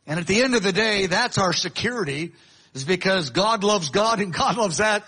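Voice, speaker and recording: A man's voice: sits high, expressive, normal speed, sharp tone, slightly rough, poor audio. A man preaching a sermon in a conversational way, with restarts and acted-out quotes. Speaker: pastor. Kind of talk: sermon teaching.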